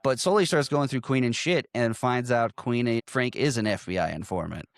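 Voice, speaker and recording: Man, podcast host, loose movie chat, swears freely, mid-pitched voice, dry room. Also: normal speed, smooth, no room sound. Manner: loose, profane, laughs often. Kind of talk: casual movie recap chat.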